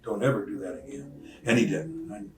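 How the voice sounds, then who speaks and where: A man's voice: on the low side, brisk, faint music behind. Older guy spinning stories, acts out the voices, mic kinda far off, echoey room. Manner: animated storyteller who acts out other people's lines. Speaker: interview guest, retired wrestler. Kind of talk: casual storytelling interview. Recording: roomy sound from a distant mic.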